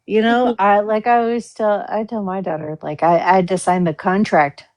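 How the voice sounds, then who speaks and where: A woman's voice: medium pitch, steady tone, normal speed, a little mellow. Rambling woman full of "like". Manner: rambling, heavy use of "like". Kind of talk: casual chat.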